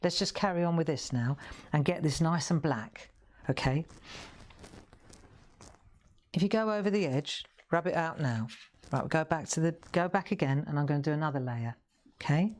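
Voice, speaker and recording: A woman hosting a live craft show, chatting as she colours. She has a fairly low voice, and she rambles through stories with easy, informal asides. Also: moderate pace, pauses often, darkish tone. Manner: rambling, chatty storytelling with laughs. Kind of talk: casual live-stream chat while colouring.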